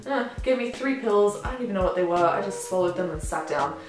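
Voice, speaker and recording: A woman's voice: medium pitch, animated, brisk. A teenage woman telling a storytime vlog, chatty and dramatic, acting out what people said. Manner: chatty, dramatic retelling with acted-out quotes. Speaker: vlogger. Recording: very echoey room, faint music.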